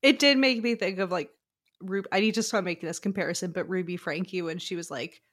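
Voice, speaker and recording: A woman co-hosting a casual podcast, recapping a reality show in an animated, storytelling way and acting out quotes. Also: fairly low pitch, fairly quick. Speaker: podcast co-host.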